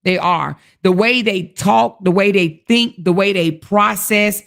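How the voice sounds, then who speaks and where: A woman livestreams casually, speaking to her audience and reading chat aloud while insisting indignantly on her points over and over. Her mid-range voice is gravelly and a bit bright, with lively intonation, an unhurried pace, and hardly any pauses.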